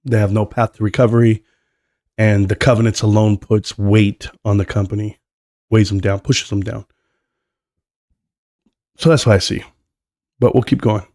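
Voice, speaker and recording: A man hosting a live stream while sick, coughing and clearing his throat as he rambles on. His voice sits fairly low and the sound is dry and close. He talks in a loose, casual way. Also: darkish tone, dry recording.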